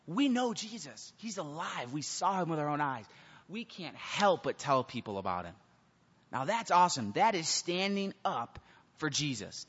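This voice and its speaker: Preaching to a teenage audience, this male youth pastor brings his stories to life by playing each character. He has a fairly high, husky voice, captured in muffled audio that echoes with long hall reverb.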